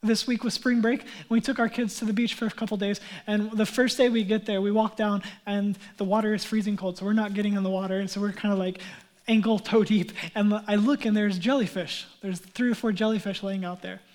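A man's voice: sits high, level tone, fairly quick. Earnest conversational male pastor preaching. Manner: conversational storytelling, building to earnest emphasis; drops to a hushed near-whisper on key lines. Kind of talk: sermon.

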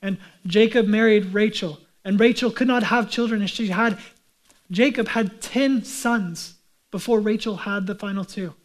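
A man's voice: sits high, moderate pace. A male pastor preaching a sermon in a conversational way, often putting rhetorical questions to his listeners.

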